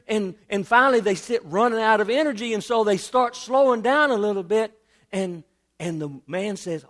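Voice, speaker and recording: A male pastor with a drawl preaches with lively energy, repeating phrases and swinging from hushed asides to loud emphasis. His voice sits high for a man. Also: normal speed. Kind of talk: sermon.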